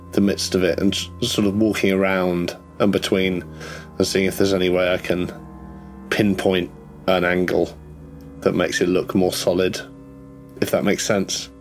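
A man's voice: sits low, flat delivery, moderate pace, faint music behind. A man playing a tabletop game, thinking aloud tentatively about what his character tries. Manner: thoughtful, tentative. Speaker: player.

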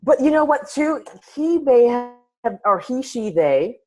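A woman's voice: on the high side, sing-song, takes it slowly, a little mellow. A woman hosting a casual conversation, speaking in an emphatic, encouraging way.

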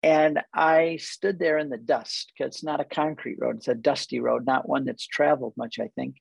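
Earnest man with a gravelly, husky voice. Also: medium pitch, fairly even intonation, moderate pace, no room sound, low-quality recording. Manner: earnest and reflective, easily moved. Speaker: guest who leads tour groups to Israel. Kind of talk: personal storytelling in conversation.

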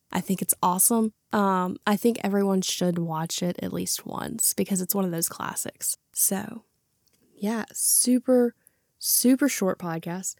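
A woman's voice: mid-range voice, darkish tone, no room sound, clean studio sound. A woman hosting a podcast, chatting casually and animatedly about a classic film and retelling its scenes. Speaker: podcast host. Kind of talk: casual movie review chat.

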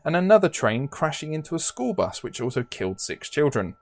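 A man's voice: fairly high pitch, big pitch swings, brisk. A man hosting a podcast, telling a story in a casual way with frequent laughs and fillers. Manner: laughs often, many "um, now" fillers. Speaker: podcast host.

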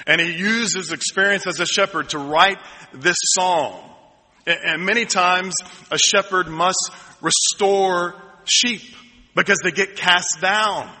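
A man preaching a sermon as pastor, telling a story slowly and building to ringing, repeated lines. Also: high voice, bright, forceful tone. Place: church sanctuary. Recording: long hall reverb.

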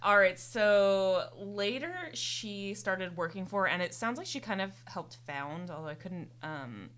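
A young woman podcast host casually recounts a life story, rambling with plenty of "um" and "like." Her mid-range voice is a bit bright and measured in pace.

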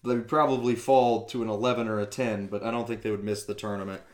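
A man hosting a casual sports podcast, talking loosely with quick asides and casual swearing. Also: on the low side, flat delivery. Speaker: podcast host.

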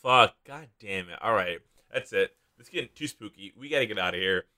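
A man's voice: on the low side, expressive, brisk, bright, forceful tone. A man hosting a casual podcast, joking around and wrapping up the episode. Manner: joking, self-mocking sign-off. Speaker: podcast host.

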